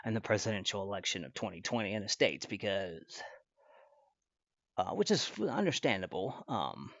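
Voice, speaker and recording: A man with a fairly low voice hosts a stream and rambles through his commentary, full of fillers and false starts. The audio is dry and a bit muffled, like a lo-fi home mic. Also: big pitch swings, normal speed, gravelly, fairly bright tone, no room sound. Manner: rambling, many fillers and restarts. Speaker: stream host. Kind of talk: casual commentary.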